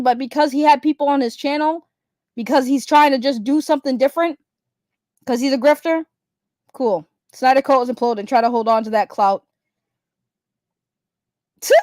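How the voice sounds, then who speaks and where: A woman's voice: sits high, a little mellow, no room sound, studio quality. A young adult woman streamer giving blunt, profane ranting commentary, repeating her points for emphasis.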